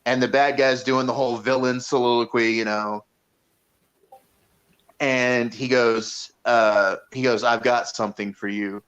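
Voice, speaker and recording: A man's voice: medium pitch, fairly even intonation, measured pace, a bit bright, smooth. Rambling man retelling a movie, lo-fi. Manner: rambling storyteller with many fillers and restarts. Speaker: podcast co-host reviewing a movie. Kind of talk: casual chat, retelling movie scenes. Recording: dull lo-fi sound.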